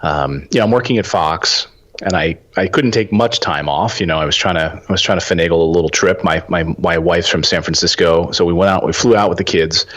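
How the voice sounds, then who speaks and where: A man in his forties telling a story as a podcast guest, animated and acting out the dialogue. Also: low voice, fairly quick. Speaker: podcast guest, real estate investor. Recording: dull lo-fi audio.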